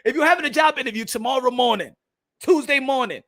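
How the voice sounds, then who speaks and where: A man hosting a boxing channel live stream, ranting in an animated, profane way with frequent restarts and rhetorical questions. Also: very high-pitched, fast talker.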